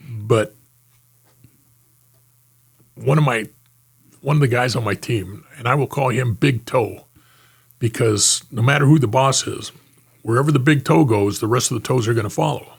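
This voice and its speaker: An older retired homicide lieutenant telling anecdotes in a casual interview, acting out quotes and laughing often. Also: male voice, mid-range voice, a little slow, gravelly, long pauses, slightly rough.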